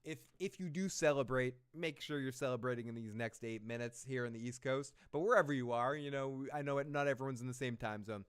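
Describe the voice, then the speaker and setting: A man hosting a casual recap chat, excitable and joking, with loose swearing. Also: mid-range voice, brisk, few pauses, smooth. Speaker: podcast host.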